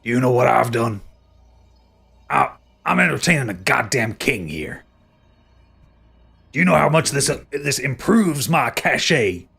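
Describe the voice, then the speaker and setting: A man voicing a blustering, crude male lord in a tabletop role-play, talking in an indignant, rough way. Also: medium pitch, very animated, a little slow, long pauses, a bit bright, exaggerated voice. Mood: boastful.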